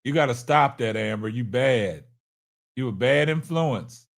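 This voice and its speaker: A man's voice: mid-range voice, lively intonation, measured pace, vocal fry. A man hosting a live stream, laughing hard and whooping between casual remarks to his chat. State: laughing to tears. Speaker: livestream host.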